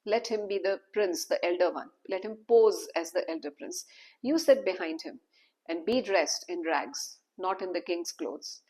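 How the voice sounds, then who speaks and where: A woman voicing a queen mother who soothes and hurries to cover things up, in a husky voice. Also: lowish voice, lively intonation, a little slow, a little mellow, rough recording. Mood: motherly.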